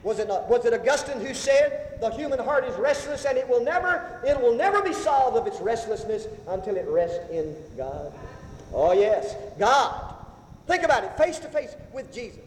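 A man preaching a sermon, swinging between loud rising passages and hushed, slow whispers. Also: extremely high pitch, sing-song, slight background noise. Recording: echoey hall, faint ambience.

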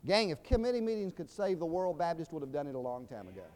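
In a big hall with long reverb, a Southern-accented older man from Georgia, USA, delivers a sermon fast, in a fairly high, sing-song, slightly mellow voice. Humor and folksy stories give way to emphatic proclamation.

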